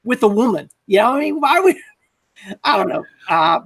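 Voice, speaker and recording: A man's voice: very high voice, sing-song, fairly quick, vocal fry, fairly bright tone, slight background noise. Hesitant man recapping a film. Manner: recaps scenes hesitantly with many fillers. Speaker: podcast host. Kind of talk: casual film discussion.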